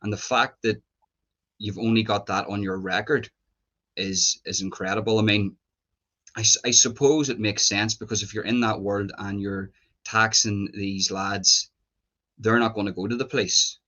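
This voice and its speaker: A man's voice: fairly low pitch, steady tone, moderate pace, bright, forceful tone. A man hosting an interview who asks long, chatty questions full of fillers. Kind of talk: casual interview.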